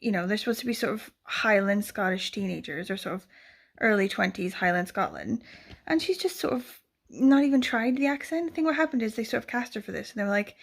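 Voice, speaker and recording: A woman's voice: medium pitch, big pitch swings, fairly quick, gravelly. A woman vlogging casually about books, rambling and chatty and full of fillers, talking from home. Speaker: book vlogger, readathon co-host. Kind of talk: casual chat to camera.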